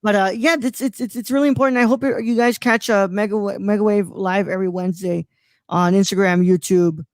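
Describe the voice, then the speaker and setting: A man's voice: sits high, fairly even intonation, fairly quick, no echo. A man hosting a live online show, rambling and stalling with lots of restarts, on a close microphone. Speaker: host. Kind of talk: casual live-stream chat.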